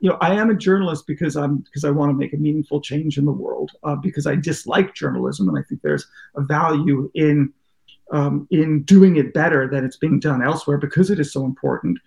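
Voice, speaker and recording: As a podcast guest, a journalist from the United States chats casually, rambling through self-deprecating, curious anecdotes and acting out quotes. His voice sits on the high side, gravelly and darkish, with lively intonation and a slightly fast pace.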